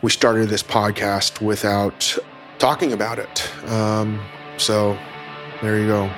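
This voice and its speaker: A man hosting a podcast, talking in a halting, emotional way with many restarts. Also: fairly low pitch, level tone, over music. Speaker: podcast host. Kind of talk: casual podcast talk. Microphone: teleconference recording.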